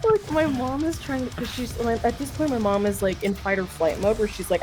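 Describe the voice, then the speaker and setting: A woman's voice: fairly high pitch, a little fast, few pauses, music in the background. A young woman telling a long family story in casual chat, rambling with lots of fillers, swearing freely and laughing often.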